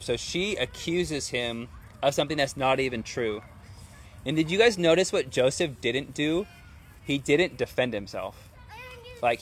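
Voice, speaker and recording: Fairly high-pitched, with a faint hiss or hum behind him, a man preaches a sermon as if chatting with his listeners. Rhetorical questions come up again and again.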